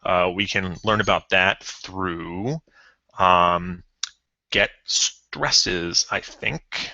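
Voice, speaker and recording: Brief: a man coding live, bright, slow, thinking aloud, lo-fi dry mic. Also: sits low, gravelly, dry recording. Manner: thinks aloud with many ums and self-corrections; chuckles at odd results. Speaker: programmer streaming a coding session. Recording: dull lo-fi stream audio.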